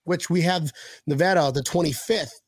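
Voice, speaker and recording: A man hosting a casual sports podcast, talking in an animated, rambling way with frequent restarts. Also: on the high side, moderate pace, slightly rough, no echo. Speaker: podcast host.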